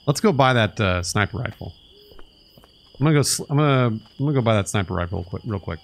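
Sarcastic guy streaming a game, voice swinging up and down, game noise and sirens loud behind him. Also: lowish voice, lively intonation, quick pace, creaky. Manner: exasperated, sarcastic ranting. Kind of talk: live gameplay commentary.

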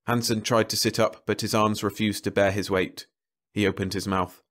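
A man narrating a science fiction novel as an audiobook, with a slow, even storytelling delivery. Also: on the low side.

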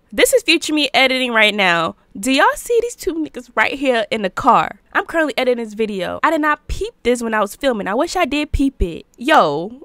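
A young woman casually commenting on her life-simulation gameplay, slangy and animated, reacting and laughing at what happens on screen. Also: a little high, a little fast, hardly any pauses, no echo, studio quality. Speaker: Sims let's-play host.

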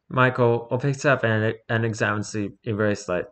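Guy reading a creepy report, bright clear voice, steady. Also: lowish voice, normal speed, few pauses. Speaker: reader. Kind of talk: scripted narration of a horror document.

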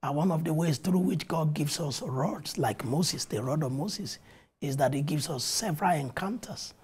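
A man's voice: a little high, normal speed, a little mellow, breathy edge. A pastor telling his stories of faith in a TV interview, earnestly quoting scripture and retelling events with animation. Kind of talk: testimony in a TV interview. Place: TV studio.

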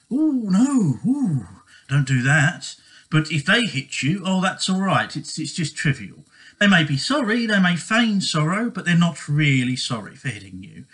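A man's voice: high-pitched, a bit bright, low-quality recording. A man giving relationship advice in a casual monologue, earnest and repetitive, often checking in with "okay?".

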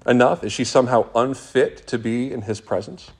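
A pastor preaches a sermon, reading scripture passages aloud with earnest, dramatic pauses. His voice is medium in pitch, husky, and darkish in tone.

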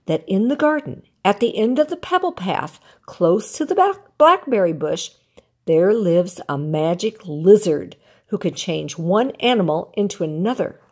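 A grandmother voicing a gentle male wind-up toy mouse in a storybook, speaking softly and confidingly. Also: mid-range voice, big pitch swings, measured pace, breathy edge.

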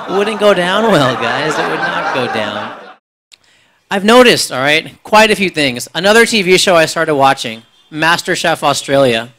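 Bright-voiced stand-up comedian. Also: male voice, fairly high pitch, lively intonation, a little hiss or hum. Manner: quick, chatty, ribbing the audience with tag questions. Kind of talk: live stand-up with crowd work. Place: cafe.

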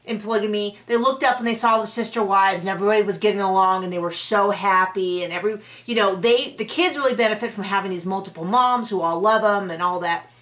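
A woman's voice: medium pitch, fast talker, hardly any pauses, a bit bright, recorded from a distance. A young woman recapping a reality TV episode in casual commentary, sarcastic and exasperated, now and then mocking people in put-on voices. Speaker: recap reviewer.

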